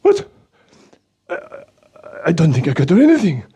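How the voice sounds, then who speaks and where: A man voicing a silly, forgetful, anxious male character for a children's show, talking in a high, panicky, frantic way. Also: huge pitch swings, moderate pace, mellow, husky, heavily acted. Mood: panicked.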